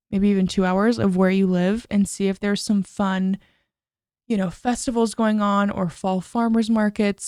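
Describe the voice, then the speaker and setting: A woman's voice: medium pitch, a little mellow, no room sound, studio quality. A young woman hosting a podcast, chatting in a bubbly, gushing way full of "like" and "oh my gosh". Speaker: podcast host. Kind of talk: casual chat.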